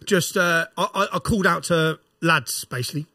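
A man's voice: a little high, normal speed, husky, no room sound, clean studio sound. Middle aged guy on a podcast, chatty storytelling, keeps tossing in "yeah?", does the voices of people he's quoting. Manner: animated retelling, acts out quoted exchanges, tags lines with "yeah?". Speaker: podcast guest. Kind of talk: casual storytelling interview.

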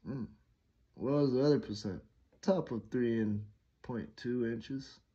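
A man's voice: medium pitch, unhurried, warm tone, lightly acted. A man voicing a smug young woman student presenting a chart in a lecturing way, on a dull lo-fi recording.

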